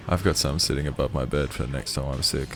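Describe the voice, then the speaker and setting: A man with a croaky voice giving casual, chatty gameplay commentary on a livestream, with jokey asides to viewers. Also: very deep voice. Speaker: game streamer. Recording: game music under voice. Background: game music.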